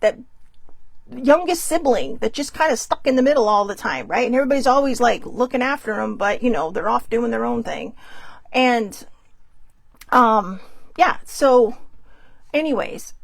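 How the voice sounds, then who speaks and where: Blunt, gravel-edged woman telling a story. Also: on the high side, no room sound. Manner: blunt, profane, animated retelling with quoted voices. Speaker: podcast host. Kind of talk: casual storytelling monologue.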